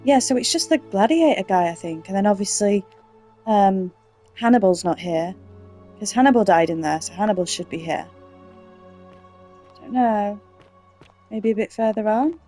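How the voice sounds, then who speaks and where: A woman's voice: medium pitch, expressive, moderate pace, pauses often, warm tone. A woman hosting a let's play, chatting and thinking aloud with eager enthusiasm. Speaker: gaming channel host. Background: game music.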